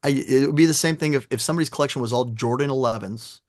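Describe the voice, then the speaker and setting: Animated man telling stories, dry sound. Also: mid-range voice, fast talker, no room sound. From Chicago. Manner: animated storyteller, acts out dialogue. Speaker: podcast guest. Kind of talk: casual podcast chat. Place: home room with sneaker collection.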